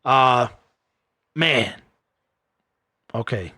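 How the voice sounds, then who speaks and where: A man's voice: on the high side, moderate pace, a bit bright, no echo, clean studio sound. A man hosting a live football watch party stream, chatting casually and joking with viewers. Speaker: sports watch party host.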